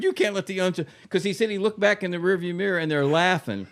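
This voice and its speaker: A man's voice: sits high, fast talker, hardly any pauses, slight background noise. A man telling a racing story in a casual studio chat, acting out the people he quotes. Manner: lively, acts out the people he quotes.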